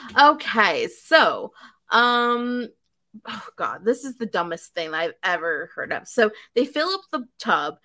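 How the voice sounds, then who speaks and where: Woman podcast co-host, chatty recapper, bright voice. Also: mid-range voice, a little slow. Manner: chatty, animated storytelling with lots of "like". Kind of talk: casual chat.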